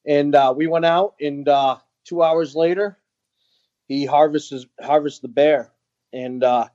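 A man telling a heartfelt story as a podcast guest, earnest and halting with many fillers. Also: fairly high pitch, fairly even intonation, a little mellow, no echo, highs cut off. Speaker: guest, veteran nonprofit founder.

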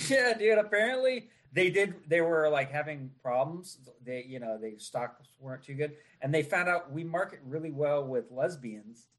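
A man's voice: fairly high pitch, moderate pace, fairly bright tone. Easygoing man who laughs often. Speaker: podcast guest. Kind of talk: casual chat.

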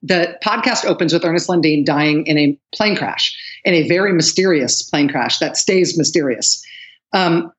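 A woman guest talks fast and with enthusiasm over a remote link. Her voice sits a little low, and the audio sounds dull. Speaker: guest podcast host. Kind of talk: interview conversation.

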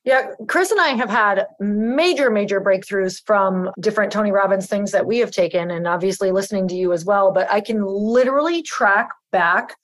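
A woman's voice: mid-range voice, moderate pace, hardly any pauses. A woman co-hosting a podcast, reflecting earnestly on her own personal growth in conversation. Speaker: podcast co-host.

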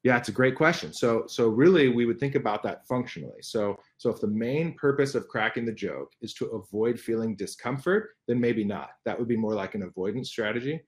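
A man's voice: medium pitch, animated, a little fast, hardly any pauses. A middle-aged man, a guest expert in an interview, explaining carefully with frequent restarts and fillers.

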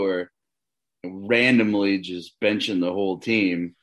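A man's voice: deep voice, slow. A man co-hosting a fantasy basketball podcast in casual chat, bantering with jokes and sarcasm.

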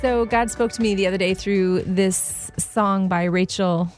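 A woman's voice: medium pitch, fairly even intonation, measured pace, music in the background. A woman co-hosting a radio show, chatting expressively and laughing easily from a studio mic. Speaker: radio co-host. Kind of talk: casual radio chat. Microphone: studio microphone.

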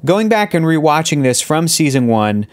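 Man, podcast host, slightly high voice, enthusiastic, chatty. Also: sing-song, moderate pace. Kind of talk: casual chat.

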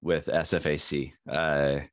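A man co-hosting a podcast, speaking earnestly and haltingly, with lots of fillers. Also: very deep voice, little pitch movement, smooth, no room sound, clean studio sound. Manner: hesitant, with many fillers and restarts, earnest. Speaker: podcast co-host. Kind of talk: casual podcast chat.

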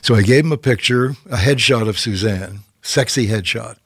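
A man's voice: on the low side, moderate pace, no echo, clean studio sound. Older man spinning showbiz stories. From Canada. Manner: lively raconteur who acts out quotes and keeps tagging okay?. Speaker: guest telling stories. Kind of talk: casual anecdotal storytelling.

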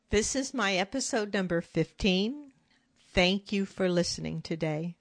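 A middle-aged woman hosting her own podcast, talking in a reflective, gentle and candid way from her home office. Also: mid-range voice, no echo. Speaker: podcast host. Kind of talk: personal podcast monologue.

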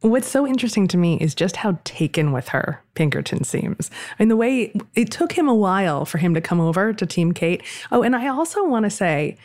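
A woman's voice: medium pitch, big pitch swings, brisk, hardly any pauses, a little mellow. A woman co-hosting a casual history podcast, talking enthusiastically and acting out quotes in playful voices. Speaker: podcast co-host.

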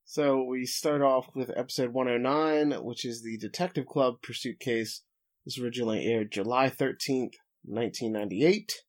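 Joking male podcast host. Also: medium pitch. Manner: jokey, recapping episodes with playful asides. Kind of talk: casual podcast chat.

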